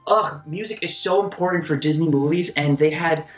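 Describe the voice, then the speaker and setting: A man giving a casual video essay review of a film, animated, with quick asides and mock voices. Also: fairly high pitch. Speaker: movie reviewer. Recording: roomy echo, faint music behind.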